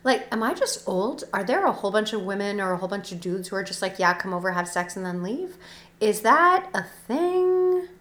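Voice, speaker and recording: A woman's voice: mid-range voice, fast, few pauses, roomy sound. A woman co-hosting a casual chat show, reacting to a dating story in an emphatic, sarcastic way. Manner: lively, emphatic, sarcastic mimicry. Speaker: podcast co-host.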